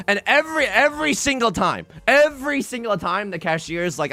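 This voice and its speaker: Lively, bright-voiced male streamer rambling. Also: on the high side, brisk, hardly any pauses, faint music behind. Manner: rambling animated storytelling with many restarts and swearing. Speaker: livestreamer. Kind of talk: casual livestream chat.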